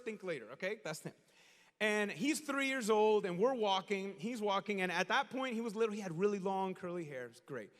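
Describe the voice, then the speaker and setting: A high-pitched man preaches a sermon, shifting from hushed, low asides to raised, excited storytelling. He talks straight to his congregation in casual, everyday words. His voice rings out with a long hall reverb behind it. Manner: animated storytelling, acts out shouts and quotes. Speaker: pastor.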